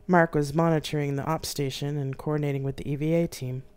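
A woman with a low voice narrates her own novel in first person on a live stream. Her reading is expressive and steady, carrying the story forward into the next scene. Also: fast talker, clear, resonant tone. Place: home streaming setup.

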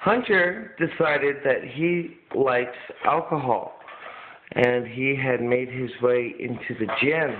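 Man, home video, slow unhurried talk, coaxing and chatty, casual swearing, thin phone-like sound. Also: mid-range voice, background noise. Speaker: dog owner filming his pet. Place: at home indoors.

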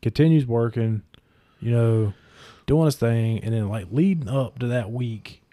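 A young man with a mellow, warm voice spins a long story on a podcast. He rambles and swears, leaning on lots of fillers. His voice sounds dry and close, with no room around it. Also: medium pitch, a little slow, dry recording. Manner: rambling and profane, full of fillers. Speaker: podcast host. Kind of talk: casual storytelling chat.

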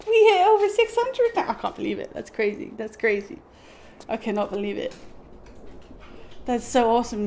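A young woman streaming a video game live, chatting with viewers, swearing, laughing and talking to her dog. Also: high voice. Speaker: gaming streamer.

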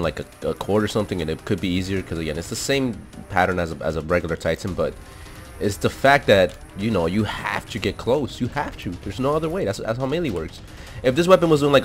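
Excitable young man, lively low voice. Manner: excitable, swears, laughs often, repeats words. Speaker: gaming commentator. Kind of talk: casual gameplay commentary. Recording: faint background music.

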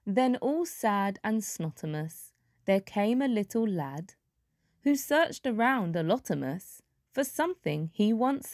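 A woman's voice: medium pitch, very animated, takes it slowly, no echo, clean studio sound. A woman reading a rhyming children's picture book aloud, with playful little voices for the animals. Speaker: storyteller.

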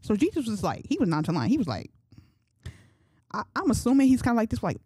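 A woman's voice: on the high side, big pitch swings, fast, long pauses, a little mellow, husky, dry recording, studio quality. A young woman in her twenties hosting a podcast, talking about faith in a chatty, slangy way and thinking aloud. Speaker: podcast host. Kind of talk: casual faith talk.

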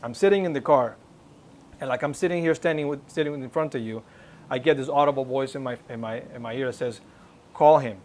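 Man, church testimony, storytelling, mid-pitched voice, earnest. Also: quick pace. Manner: storytelling, reenacting the dialogue; earnest, exhorting. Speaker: church speaker giving a testimony. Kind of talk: personal testimony at a church service.

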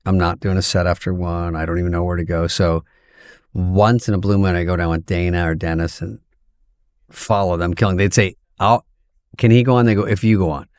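A middle-aged man, a comedian guest, telling stories in casual chat, profane and animated, acting out quoted voices. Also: deep voice, fairly quick, no echo, clean studio sound.

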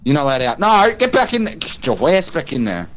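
A man from Australia with an Australian accent, joking crudely and teasing loudly while playing a game. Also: on the high side, wildly swooping pitch, fairly quick. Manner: loud, crude, teasing banter.

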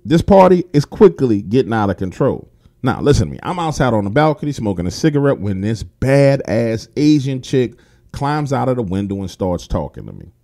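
A man telling his own story in a casual, animated way, swearing freely and talking straight to his listeners. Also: mid-range voice, fairly quick. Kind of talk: casual first-person storytelling.

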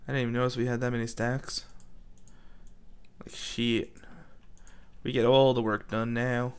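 A man's voice: mid-range voice, little pitch movement, unhurried, long pauses, clear, resonant tone. A man doing goofy let's play commentary, rambling and talking back to himself. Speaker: gaming commentator.

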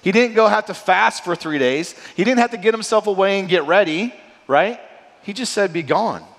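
A male pastor preaching a sermon in a lively, conversational way, often checking in with "right?". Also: high voice, normal speed. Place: church sanctuary. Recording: long church hall reverb.

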